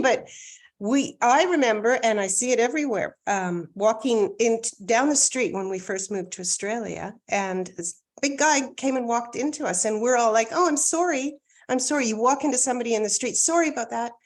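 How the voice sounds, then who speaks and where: A woman from Canada, a life coach, talking in an energetic, emphatic way and repeating key phrases for effect. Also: a little high, normal speed. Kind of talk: casual conversation.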